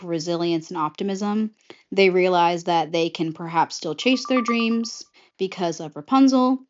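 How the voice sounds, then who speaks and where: Woman pitching a story, muffled audio. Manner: animated, acts out characters in quick bits. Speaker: vlogger pitching a film idea.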